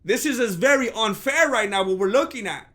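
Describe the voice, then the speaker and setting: High-voiced man ranting sarcastically. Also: fairly quick. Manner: sarcastic, animated, mock-outraged. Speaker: commentary channel host. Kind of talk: comedic commentary rant.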